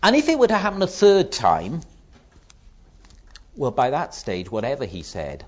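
A man preaching a sermon, acting out the voices he quotes with lively rises and drops in pitch. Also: a little slow, pauses often, muffled recording.

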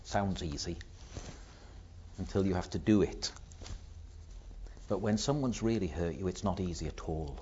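A man preaching a sermon, acting out the voices he quotes with lively rises and drops in pitch. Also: unhurried, pauses often, lo-fi sound, a little hiss or hum.

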